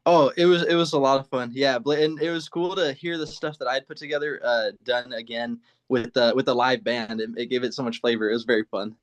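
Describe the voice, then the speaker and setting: A man's voice: mid-range voice, fairly quick, few pauses. Laid-back man on a video call. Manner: relaxed, laughs easily, many fillers and restarts. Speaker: guest musician, producer. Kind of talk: casual video-call chat.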